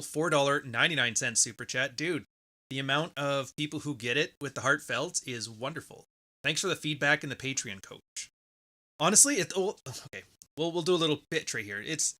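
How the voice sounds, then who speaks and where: A man hosts a casual livestream, his voice bright and forceful on a close microphone. He rambles loosely as he works through viewer messages, with an everyday middle pitch. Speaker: podcast host.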